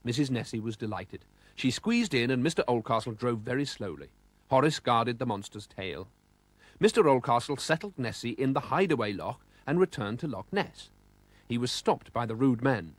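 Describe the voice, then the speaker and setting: A man narrating a children's storybook in an expressive, animated way. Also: mid-range voice, moderate pace, no echo.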